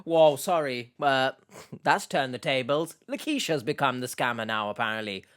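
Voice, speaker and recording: A man's voice: medium pitch, expressive, moderate pace, a bit bright, smooth. A man giving sarcastic, exasperated reaction commentary on a video clip.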